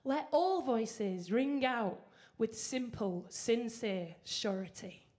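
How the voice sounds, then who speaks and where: Woman, high voice, live spoken-word poetry, rhythmic rhyming delivery, playful asides, on stage. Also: lively intonation, slow, a little mellow. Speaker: performance poet. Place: live stage before an audience.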